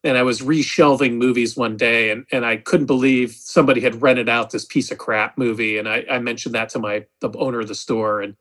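A man's voice: medium pitch, fairly even intonation, a little fast, hardly any pauses, a bit bright. A man co-hosting a podcast, speaking earnestly with frequent fillers. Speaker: podcast co-host. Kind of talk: casual podcast chat.

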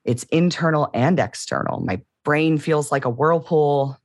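A woman's voice: sits low, a little slow, a little mellow, dry recording, studio quality. A woman co-hosting a podcast, talking candidly and reflectively in casual conversation. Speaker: podcast co-host.

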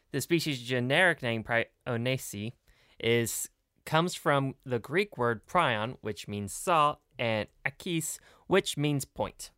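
A woman co-hosting a casual podcast, reading facts in a measured, steady way. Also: extremely low pitch, no room sound, studio quality. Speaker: podcast co-host.

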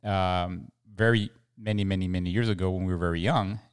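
A man's voice: deep voice, steady tone, a little fast, clear, resonant tone. A middle-aged man from El Paso co-hosting a podcast in casual, rambling chat with many fillers. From El Paso, Texas. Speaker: podcast co-host.

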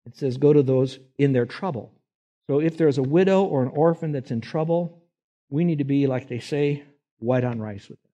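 A man's voice: mid-range voice, moderate pace, dark tone, highs cut off. A man preaching a sermon, folksy and emphatic, posing rhetorical questions to his listeners. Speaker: pastor.

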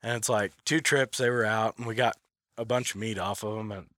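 A man's voice: fairly low pitch, fairly even intonation, brisk, bright, forceful tone, no room sound, clean studio sound. A man chatting casually about hunting, rambling with lots of fillers and frequent laughter. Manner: rambling, heavy use of "like", laughs often. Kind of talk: casual chat.

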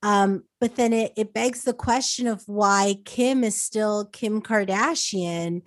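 A woman's voice: medium pitch, slow, no echo. A woman hosting a pop culture podcast, chatting casually with lots of "um" and "like". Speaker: podcast host. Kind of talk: casual chat.

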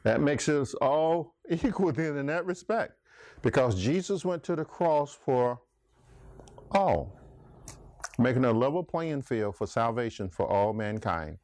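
A man's voice: medium pitch, animated, measured pace, a little mellow, no room sound. A man preaching a sermon, emphatic, calling out listeners by name. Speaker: pastor.

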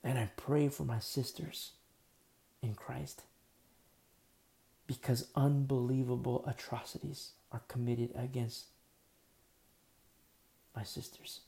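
Man preaching, gravelly and dark toned, hammers the same words over and over, swings from hushed to loud. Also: mid-range voice, little pitch movement, slow pace, long pauses. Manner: emphatic and repetitive, dropping to near-whispers then rising loud. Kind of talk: sermon.

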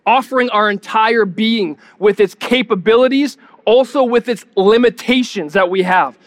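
A male pastor with a high-pitched voice delivers a teaching sermon. He talks in a loose, conversational way, stumbling over repeated words as he thinks and turning to ask his listeners questions. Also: normal speed. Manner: teaching, repeats words when searching, asks the congregation questions.

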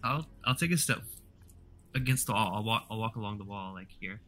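A man's voice: on the low side, lively intonation, a little fast, sharp tone. A man playing a tabletop game, talking in a cautious, rambling way with many fillers. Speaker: player. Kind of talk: casual chat while playing.

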